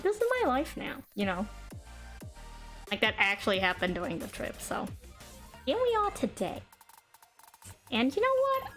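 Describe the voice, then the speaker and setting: A woman streaming, chatting casually in a deliberately chosen voice, rambling with lots of fillers. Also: a bit bright. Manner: playful, with sudden high pitch jumps; uses a deliberately chosen put-on speaking voice. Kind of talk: casual chat to stream viewers. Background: faint background music.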